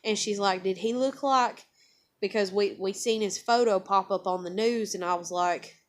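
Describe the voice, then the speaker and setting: A woman's voice: medium pitch, steady tone, normal speed. A middle-aged woman telling a personal story in a rambling, profane, casual way. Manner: rambling, profane, many fillers. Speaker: vlogger.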